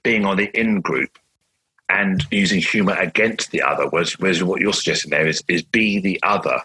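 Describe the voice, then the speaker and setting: A man's voice: low voice, fairly quick, pushed and bright, slight background noise, low-quality recording. A man hosting a podcast interview, asking reflective questions and summing up ideas. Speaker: podcast host.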